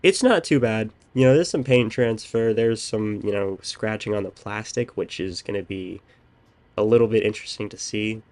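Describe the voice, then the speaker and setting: Young male podcast host, lower register, casual rambling storyteller. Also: moderate pace, a little mellow. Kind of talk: casual chat.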